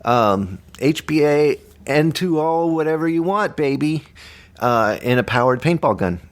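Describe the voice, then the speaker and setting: A man's voice: on the high side, animated, a little slow. A man hosting a comic retro news chat, reading facts with dry jokes. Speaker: host of a retro journal show.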